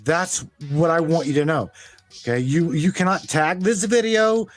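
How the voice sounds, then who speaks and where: A man's voice: fairly high pitch, normal speed, no room sound, soft background music. Emphatic man hosting a call-in show. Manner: emphatic, stammering, sympathetic. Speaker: host.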